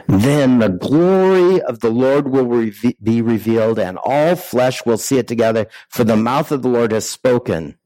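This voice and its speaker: A man's voice: mid-range voice, expressive, unhurried, hardly any pauses, dark tone, dry recording, low-quality recording. A man preaching a sermon in a conversational way, full of rhetorical questions and restarts. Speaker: pastor.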